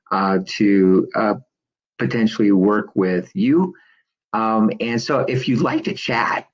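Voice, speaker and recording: A middle-aged man, a business coach, telling a personal story with many fillers and light chuckles, then pitching his services. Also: dull audio.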